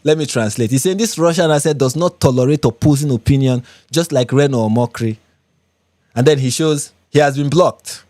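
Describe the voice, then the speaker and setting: A man's voice: mid-range voice, brisk, mellow, dry recording, clean studio sound. A man with a Nigerian accent hosting a live reaction stream, reading viewer comments aloud and commenting on them emphatically, often repeating phrases for effect. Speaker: livestream host.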